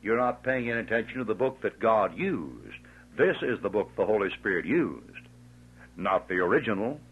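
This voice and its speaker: A man's voice: on the low side, lively intonation, moderate pace, slightly rough. A man putting on the voice of a pompous, fussy little male Bible scholar who lectures in a prissy tone. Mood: mocking. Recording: tinny lo-fi old tape.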